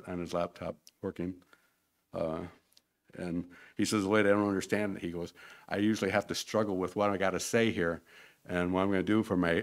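A man giving a rambling, informal mission report to a church congregation, acting out the quotes in his stories. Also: deep voice. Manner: rambling storyteller, acts out quotes. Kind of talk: informal slideshow talk to a congregation. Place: church sanctuary.

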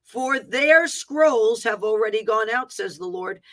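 A woman's voice: fairly high pitch, animated, a little slow, low-quality recording. A woman minister earnestly reading aloud a prophetic word, stopping for asides about capital letters.

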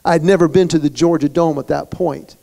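A man giving a humorous motivational speech, telling stories in an animated way to a luncheon crowd in a banquet hall. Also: fairly high pitch, a little fast, gravelly. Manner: storytelling, animated. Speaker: guest speaker.

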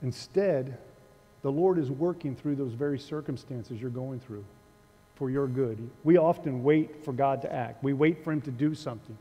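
A man's voice: medium pitch, moderate pace, mellow, long reverb tail. A male pastor preaching a sermon in a conversational, dryly humorous way, with a sarcastic wit. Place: church sanctuary.

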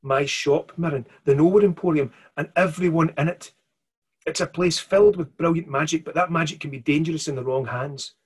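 A man voicing a desperate, hurried good magician in a storybook reading, urgent and pleading, with a husky voice. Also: on the high side.

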